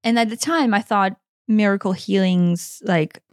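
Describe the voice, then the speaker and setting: A woman's voice: medium pitch, unhurried, no echo. Earnest woman in her forties, dry sound. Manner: earnest, emotional, swears freely. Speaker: podcast co-host. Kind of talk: casual conversation.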